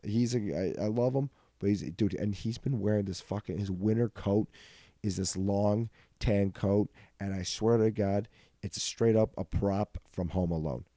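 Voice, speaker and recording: Young male podcast host with a low, dark voice who rambles through profane anecdotes and laughs a lot. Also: moderate pace, no echo, studio quality. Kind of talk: casual comedic storytelling.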